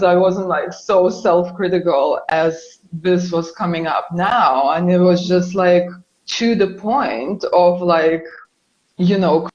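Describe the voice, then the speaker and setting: A woman in a casual, reflective conversation, talking in a halting, searching way with many fillers and restarts. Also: lowish voice, a little mellow, echoey room, lo-fi sound. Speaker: guest or co-host in a spiritual conversation.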